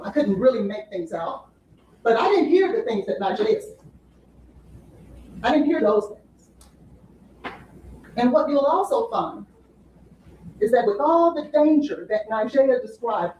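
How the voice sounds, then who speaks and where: A woman's voice: high-pitched, darkish tone, muffled recording, slight background noise. A woman giving a courtroom opening statement as defense attorney, with emphatic repetition to the jury. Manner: emphatic, repeating "you'll hear" to a jury. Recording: echoey courtroom audio from far off.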